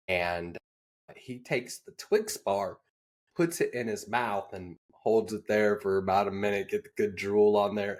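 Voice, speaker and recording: Easygoing man telling a crew anecdote. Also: on the low side. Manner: easygoing, laughs into punchlines, shouts quoted lines. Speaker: podcast guest. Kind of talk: casual storytelling chat.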